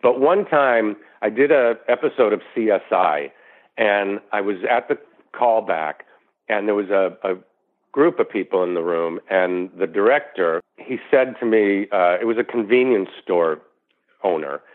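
A middle-aged actor talking as an interview guest, rambling through anecdotes with lots of "you know" restarts. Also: male voice, fairly low pitch, unhurried. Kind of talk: casual interview storytelling. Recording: tinny phone line.

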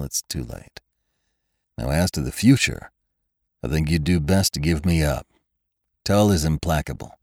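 A man's voice: deep voice, darkish tone, no room sound, clean studio sound. A man voicing a bitter, hot-blooded young cowboy who speaks in clipped, intense phrases.

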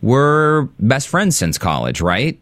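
A man's voice: medium pitch, huge pitch swings, slow, a bit bright, dry recording, studio quality. A man co-hosting a podcast, chatting casually about a TV episode and laughing often. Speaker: podcast co-host. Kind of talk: casual TV recap chat.

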